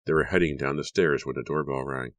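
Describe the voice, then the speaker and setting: A man narrating a horror audiobook in a steady, measured reading. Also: a bass voice, dry recording.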